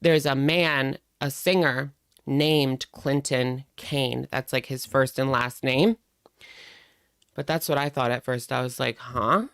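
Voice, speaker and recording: A woman's voice: very deep voice, takes it slowly, clear, resonant tone, no echo, clean studio sound. A young woman hosting a live stream, chatting casually in a rambling way and greeting viewers by name.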